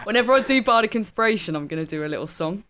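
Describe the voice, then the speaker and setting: A woman's voice: mid-range voice, lively intonation, very fast, fairly bright tone. A woman playing a tabletop role-playing game, talking casually and laughing easily. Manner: chatty, giggly. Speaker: player.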